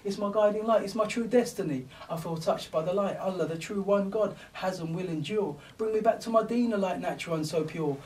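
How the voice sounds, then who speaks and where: A man's voice: high-pitched, fairly quick, hardly any pauses, a little mellow, far from the mic, rough recording. A man performing spoken word poetry in a rhythmic, rhyming delivery with cockney slang. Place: event venue.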